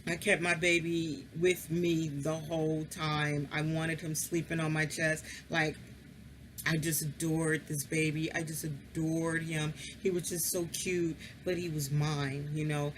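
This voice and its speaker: A woman's voice: deep voice, flat delivery, measured pace, a little hiss or hum. A woman casually telling a personal story, frank and candid, swearing freely and confiding straight to the listener.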